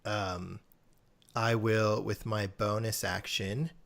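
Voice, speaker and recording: A man playing a tabletop game, casually explaining his cleric's turn with halting fillers. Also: lowish voice, fairly even intonation, vocal fry, a bit bright. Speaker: player, cleric.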